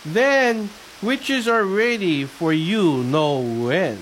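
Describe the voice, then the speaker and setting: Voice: medium pitch, extremely slow, few pauses, a little hiss or hum, poor audio. A local show host chatting casually and reading Halloween poems aloud in a rambling, sing-song way.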